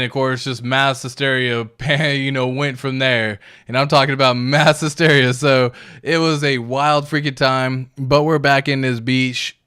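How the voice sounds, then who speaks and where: A man's voice: medium pitch, pushed and bright, clear, resonant tone. A man hosting a casual crypto livestream, reading viewer comments aloud in a laid-back, slangy way and chuckling often.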